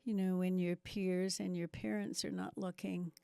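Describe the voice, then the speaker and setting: A woman's voice: fairly low pitch, flat delivery, normal speed, vocal fry, mellow, clear, resonant tone, dry recording. A woman in her seventies from New Zealand, with a faint New Zealand accent, telling her life story as an interview guest with self-mocking asides. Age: 70s. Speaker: guest missionary. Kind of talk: testimony interview.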